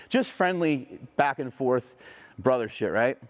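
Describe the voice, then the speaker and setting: A middle-aged man giving a motivational speech, telling a personal story in a profane, animated way. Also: medium pitch, unhurried. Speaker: motivational speaker.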